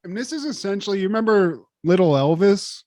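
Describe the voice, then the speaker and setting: A man's voice: high voice, animated, a little fast, darkish tone, no room sound, studio quality. A man co-hosting a podcast, retelling comedy sketches in casual chat, laughing and swearing often. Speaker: podcast co-host.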